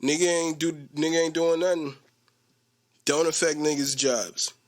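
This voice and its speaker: A young man telling a story in a casual podcast rant, animated and slangy, laughing often. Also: a little slow. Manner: animated, slangy, mimics coworkers with a low voice. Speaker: podcast host.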